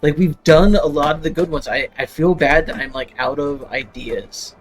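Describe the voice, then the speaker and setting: A man's voice: a little high, moderate pace, faint music behind. A young man hosting a live stream, chatting casually with lots of fillers and frequent laughter. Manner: rambling, laughing often, full of fillers. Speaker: livestream host.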